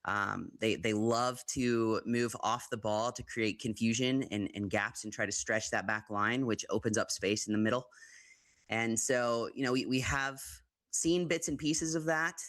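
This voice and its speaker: A man's voice: medium pitch, steady tone, measured pace, fairly bright tone, no echo. A man from the United States talking football as a guest pundit on a live show, hesitant and full of fillers and restarts. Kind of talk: live football commentary chat.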